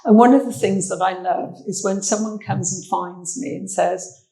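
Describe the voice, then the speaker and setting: An English woman gives a relaxed armchair talk as a social history researcher. She tells stories in a chatty, anecdotal way, with ums and asides. Her voice has a gravelly, slightly creaky edge at a middle pitch. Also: normal speed, low-quality recording. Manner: chatty, anecdotal, warm storytelling with fillers. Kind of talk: armchair talk presenting photos. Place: indoor talk venue.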